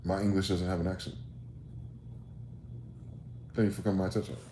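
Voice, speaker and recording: A man's voice: sits low, little pitch movement, a little fast, dark tone. A man hosting a solo rant monologue, firing off rhetorical questions in a profane, combative way. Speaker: host. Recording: roomy echo, faint background noise.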